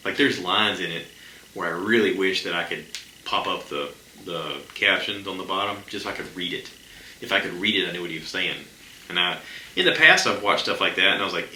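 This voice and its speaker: A man's voice: low-pitched, fairly quick, pushed and bright. A man talking casually and at length on his own podcast, rambling with lots of fillers and restarts. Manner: rambling, chatty, many fillers. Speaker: podcast host. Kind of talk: casual solo podcast chat. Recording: echoey room with faint ambient noise.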